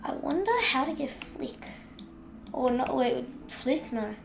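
Woman, high voice, slow unhurried talk, hiccups, casual gameplay chatter, scolds in-game fish. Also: animated, vocal fry, roomy sound, a little hiss or hum. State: has the hiccups. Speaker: gaming video host.

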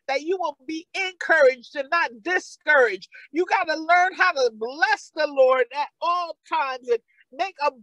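High-voiced woman preaching fervently. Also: fairly bright tone, no echo, low-quality recording. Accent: New York. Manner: fervent preaching with rising calls and repetition. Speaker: pastor. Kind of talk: sermon.

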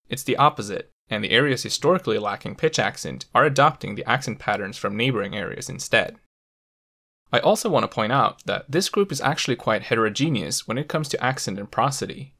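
A man hosting a language education video, giving a clear, methodical scripted explanation with touches of dry humor. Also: mid-range voice, pushed and bright. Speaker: host of a language education channel.

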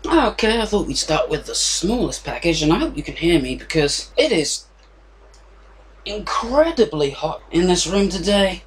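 At home in a hot room with a fan running and audible fan noise, a vlogger unboxes a package in casual chat, rambling, self-deprecating and thinking aloud. His voice sits high with big pitch swings at a moderate pace.

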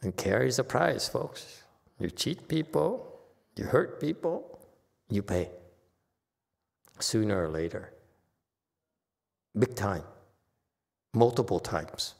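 A man's voice: on the low side, lively intonation, slow pace, gravelly, pauses often, a little mellow, breathy edge, big-room sound. A man giving a casual Buddhist dharma lecture, joking and teasing his listeners between points. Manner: joking, teasing the audience, chuckling.

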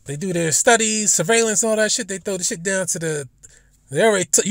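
A man talks in a rambling, profane monologue. His voice sits a bit high, and he often slips into acted-out lines of imagined dialogue. The sound is dry and close, as if from a phone in an online audio room. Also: a bit bright, dry recording. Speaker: live audio room speaker. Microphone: phone or headset in an online audio room.

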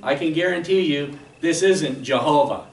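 A pastor with a fairly high, creaky voice preaches at normal speed in a church sanctuary. His teaching is patient and explanatory, punctuated by frequent "okay?" check-ins. The audio is low quality, with room echo and a distant microphone.

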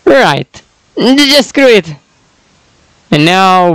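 A man's voice: high voice, lively intonation, unhurried, clear, resonant tone, no echo, poor audio. A man casually commenting and joking to himself while reading out fan-made dialogues. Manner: chatty, self-mocking, laughs between lines.

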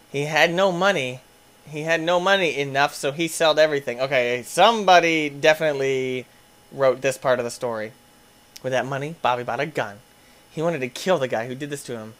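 A man giving playful let's play commentary, yelping, laughing and chatting with the characters on screen. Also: fairly high pitch. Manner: excitable, yelps and laughs, talks to game characters. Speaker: gaming YouTuber.

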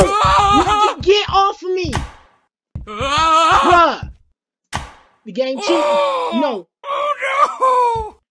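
High, excitable woman yelling through gameplay. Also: a little hiss or hum. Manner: excitable, yelps and shouts at in-game deaths; slangy, repeats phrases rapidly. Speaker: gaming video host. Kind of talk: let's play commentary.

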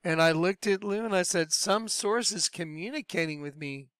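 A man telling his personal religious testimony in a lively storytelling way, acting out what he said back then. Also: high-pitched, normal speed, clear, resonant tone, no room sound, clean studio sound. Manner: animated storyteller, acts out his own past voice. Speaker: speaker sharing a religious testimony.

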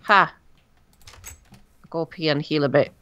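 A woman co-playing a video game, making dry, low-key remarks and muttering to herself. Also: slow pace, sharp tone, dull audio. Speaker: co-player. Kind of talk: casual gameplay chat.

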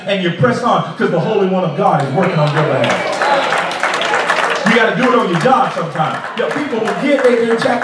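A man preaching a sermon as pastor, pressing his congregation with repeated rhetorical questions. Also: high voice. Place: large church sanctuary. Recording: echoey sanctuary from far off.

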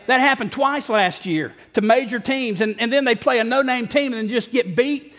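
A middle-aged male pastor preaching a sermon to a congregation in a church. He is folksy and humorous and rises to shouts for emphasis. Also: very high-pitched, moderate pace. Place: church sanctuary before a congregation.

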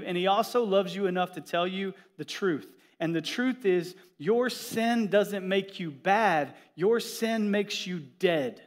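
A middle-aged man, a pastor, preaching a sermon in a church with a lively, joking storytelling manner. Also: sits high.

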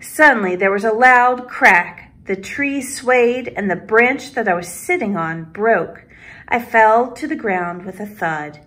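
A woman art teacher reading a children's storybook aloud in an expressive, unhurried storytelling manner. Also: mid-range voice.

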